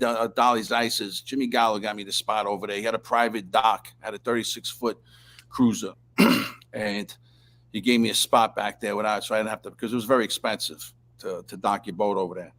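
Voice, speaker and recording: Gravelly, profane New storyteller man. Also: lowish voice, fairly even intonation, a little fast, a bit bright. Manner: profane, rambling, clears throat often. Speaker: interview guest. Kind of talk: casual storytelling.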